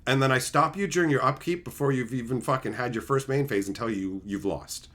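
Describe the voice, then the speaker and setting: A man hosting a live stream, chatting excitedly and profanely with his viewers and acting out friends in loud voices. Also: mid-range voice, fairly quick. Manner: profane, excitable, rants about cards.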